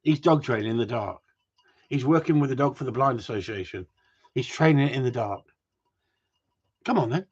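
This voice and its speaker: A man's voice: mid-range voice, normal speed, long pauses, darkish tone, slightly rough, dull audio. A man, a dog trainer hosting a live stream, chatting casually and ranting at length while reading out viewer comments, swearing freely.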